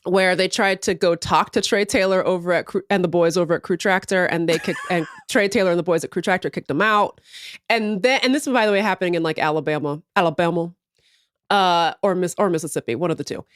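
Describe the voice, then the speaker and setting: A woman's voice: lowish voice, a little fast, smooth, dry recording, studio quality. A woman co-hosting a podcast, telling a story in casual comedic chat, laughing often and acting out the people in it. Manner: animated storyteller, laughs often, acts out voices. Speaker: podcast co-host.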